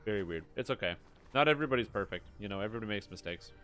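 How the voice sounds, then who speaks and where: A man's voice: on the low side, lively intonation, racing, a bit bright, soft background music. A man streaming a game, chatting casually, joking around and answering his chat in a rambling way. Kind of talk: casual gameplay commentary.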